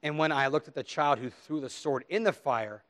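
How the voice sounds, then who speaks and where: A man's voice: fairly high pitch, moderate pace, fairly bright tone. A middle-aged man, a pastor, reading scripture solemnly and then telling a story to children with many questions.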